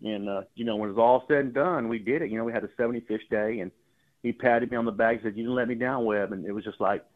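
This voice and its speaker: A man's voice: lowish voice, fast talker. A man, a fishing guide calling in to a radio show, telling rambling stories and repeating his words as he goes. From Texas Gulf Coast. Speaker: fishing guide and guest caller. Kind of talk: casual phone-in storytelling. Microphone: phone. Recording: narrow phone line.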